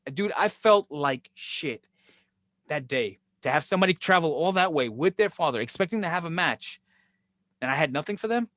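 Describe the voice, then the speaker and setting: A man hosting a podcast, telling wrestling stories in casual chat, animated and profane, acting out the dialogue. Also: fairly high pitch, normal speed, no room sound, clean studio sound. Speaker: podcast host, former wrestling booker.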